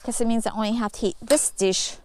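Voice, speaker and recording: A woman's voice: on the high side, fairly even intonation, a little fast, a little mellow, clear, resonant tone. Easygoing woman chatting around her farmyard. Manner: easygoing, explains as she goes with plain homespun talk. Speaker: homesteading vlogger. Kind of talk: casual walk-and-talk narration. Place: outdoors in a farmyard.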